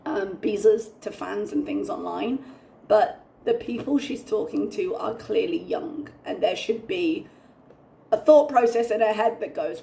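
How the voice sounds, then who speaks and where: A woman's voice: medium pitch, a little slow, creaky, warm tone, a little hiss or hum. A young woman hosting a reaction channel, ranting candidly and swearing freely as she comments.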